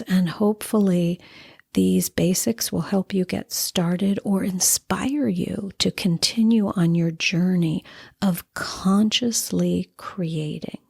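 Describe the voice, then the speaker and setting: Middle-aged woman talking slow n husky, gravelly edge, dry close sound. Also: mid-range voice, a little mellow, no echo. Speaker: podcast host and spiritual teacher. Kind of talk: calm spoken teaching monologue.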